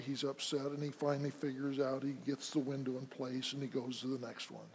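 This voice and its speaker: A pastor telling a story in a sermon, swinging from quiet to loud emphasis. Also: male voice, mid-range voice, level tone, a little fast, hardly any pauses, a little hiss or hum. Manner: storytelling, builds to loud emphasis then drops soft.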